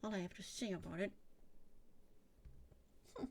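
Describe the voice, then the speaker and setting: A woman's voice: mid-range voice, measured pace. A young woman chatting casually on a livestream while she draws. She rambles, laughs often and swears freely. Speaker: streamer.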